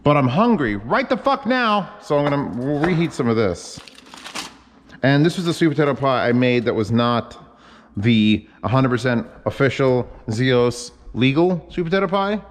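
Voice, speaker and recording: Here the man is at the stove in his own kitchen, talking in a meandering, profane way full of side comments. He speaks at normal speed with a medium pitch, and the audio has the echo of a large hall.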